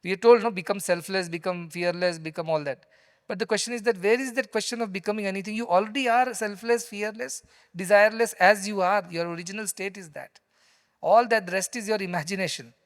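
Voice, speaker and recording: High-voiced Indian English spiritual teacher. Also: male voice, brisk. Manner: conversational, explanatory, emphatic. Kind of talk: spiritual discourse with storytelling. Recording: long hall reverb.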